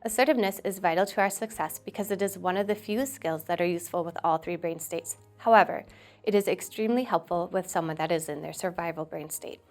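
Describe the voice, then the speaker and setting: A woman trainer giving scripted instructional narration in a steady, explanatory way. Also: on the low side, quick pace, soft background music.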